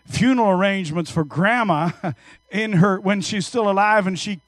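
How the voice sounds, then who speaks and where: A man in his fifties preaching a sermon in church, telling stories energetically and swinging between hushed and loud. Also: sits high, normal speed, no echo. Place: church service.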